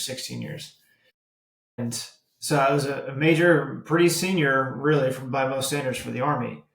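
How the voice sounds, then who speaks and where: A man of medium pitch talks in a relaxed, agreeable way and chuckles often. He is an army officer telling his own story on a podcast. His voice carries a roomy echo. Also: creaky. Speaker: podcast co-host. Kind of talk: casual conversational chat.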